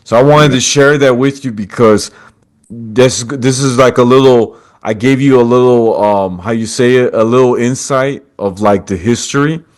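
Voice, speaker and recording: Speaking at normal speed with a medium-pitched voice, a male podcast host chats over a video call. He relays a story with quoted dialogue, calling his guest brother throughout.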